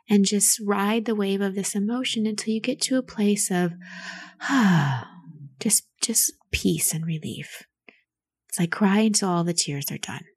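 A woman hosting a show and coaching a caller through grief in a soft, soothing, nurturing way. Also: mid-range voice, no room sound. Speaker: host giving advice to a caller. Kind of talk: gentle coaching on a call.

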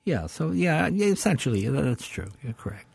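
A man's voice: on the high side, a little fast, gravelly, slightly rough, no room sound. An older man, a guest in a casual talk, telling anecdotes and acting out the voices of people he quotes. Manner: animated, acts out quoted voices. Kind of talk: casual storytelling.

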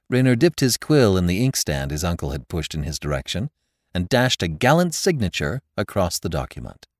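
A man narrating a classic story in a measured, expressive way. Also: low-pitched, no room sound, clean studio sound. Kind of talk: audiobook narration.

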